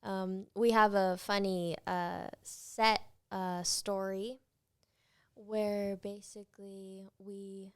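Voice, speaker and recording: A woman's voice: medium pitch, little pitch movement, drawn-out words, clean tone, no echo, clean studio sound. A young woman in her late teens, a guest actress, chatting casually and telling stories with lots of fillers. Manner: chatty storyteller, many fillers. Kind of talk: casual interview chat.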